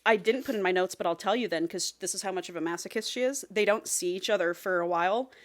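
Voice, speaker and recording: A woman's voice: lowish voice, fast. Chatty woman recapping a book. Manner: retells the plot with lots of "she's like". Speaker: podcast co-host. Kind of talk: casual book recap chat.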